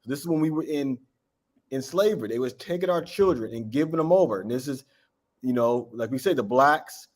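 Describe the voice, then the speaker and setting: A man's voice: medium pitch, a little fast, a little mellow. A man taking part in a Bible class discussion, reading verses aloud and adding his comments in a casual way, often filling with "you know". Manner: conversational, with "you know" fillers. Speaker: class participant. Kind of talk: informal scripture discussion.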